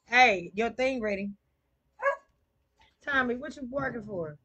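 High bright husky-voiced woman gamer. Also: measured pace, dull audio. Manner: excited slangy play-by-play cheering. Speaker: livestream gamer host. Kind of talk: casual gaming chat.

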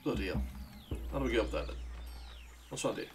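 A streamer offers wry, sweary commentary to himself while playing a game. His voice is on the low side and expressive, moving at a quick pace, with background noise present.

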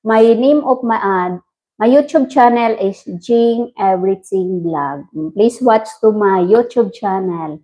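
A woman from the Philippines with a Filipino accent, hosting a casual livestream and chatting with viewers in halting English. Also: medium pitch, mellow, poor audio. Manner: slow, halting non-native English with frequent laughs. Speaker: livestream host. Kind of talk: casual livestream chat reading viewer comments.

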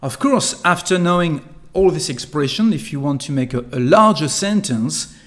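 A man's voice: on the high side, lively intonation, a bit bright. Tutor man explaining phrases. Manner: clear, deliberate explanation with repeated model phrases. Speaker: online French tutor. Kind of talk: language lesson.

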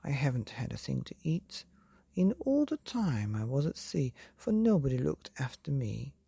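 A woman's voice: very deep voice, very animated, moderate pace, vocal fry, dark tone, breathy edge, dry recording, heavily acted. A woman voicing a starving, greedy male anteater in a bedtime story, half-whispered and pleading.

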